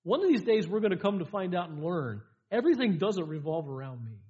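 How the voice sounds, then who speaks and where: A man preaching a sermon, emphatic, with repeated lines and dramatic pauses. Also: high-pitched, very animated, darkish tone, lo-fi sound. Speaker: pastor. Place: church sanctuary.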